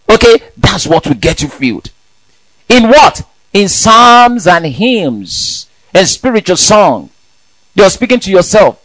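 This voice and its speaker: A man preaching a sermon, swinging between loud, high exclamations and soft, low asides. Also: no room sound, poor audio.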